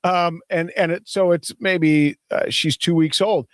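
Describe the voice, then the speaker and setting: A man's voice: a little high, steady tone, dry recording, clean studio sound. A man co-hosting a podcast, telling an easygoing family anecdote in casual chat. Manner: easygoing, anecdotal, quick to laugh along. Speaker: podcast co-host.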